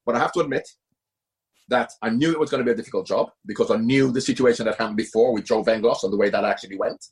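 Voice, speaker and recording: This is casual interview talk from a middle-aged man who used to manage football teams. He speaks fast in a mid-range voice with a darkish tone, going on at length and repeating himself emphatically for stress.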